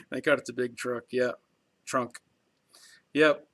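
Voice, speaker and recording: A man's voice: mid-range voice, fairly even intonation, takes it slowly, a bit bright. A middle-aged man hosting a garage channel, chatting casually on a live stream and reading viewer comments in a talkative, rambling way with chuckles.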